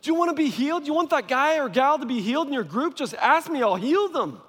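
A man's voice: extremely high pitch, lively intonation, quick pace, fairly bright tone, pitched above the performer's own voice. A man voicing God as fed up and impatient, who bluntly insists that people just ask. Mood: exasperated. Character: exasperated, impatient God, male. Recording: long reverb of a large hall.

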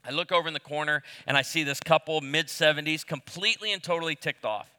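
A man's voice: on the high side, fast talker, clear, resonant tone. A man in his fifties preaching a sermon, telling humorous stories and acting out the voices of the people in them. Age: 50s. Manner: animated storyteller, acts out voices. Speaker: pastor. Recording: long hall reverb.

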